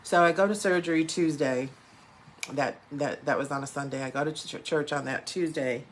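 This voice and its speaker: A woman's voice: sits low, normal speed. A middle-aged woman telling a personal faith story in a casual way, acting out the dialogue and laughing between lines. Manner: animated, acts out the dialogue, laughs between lines, many fillers. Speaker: speaker sharing a personal testimony. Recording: faint background noise.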